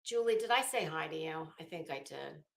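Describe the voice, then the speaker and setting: A woman's voice: sits low, animated, fairly quick, gravelly, reverberant. A middle-aged woman hosting a casual livestream, blunt and chatty, greeting viewers by name. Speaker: livestream host.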